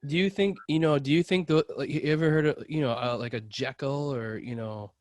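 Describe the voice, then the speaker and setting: A man's voice: a little high, brisk, no echo. Casual male podcast host, dry sound. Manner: loose, casual reactions with filler words. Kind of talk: casual interview chat.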